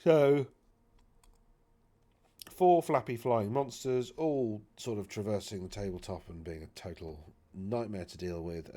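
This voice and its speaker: A man with a fairly low voice talks casually through tabletop wargame army lists. He rambles in a friendly way, trailing off with fillers and correcting himself as he goes. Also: darkish tone. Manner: rambling, chatty, self-correcting with many fillers. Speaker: wargaming channel host.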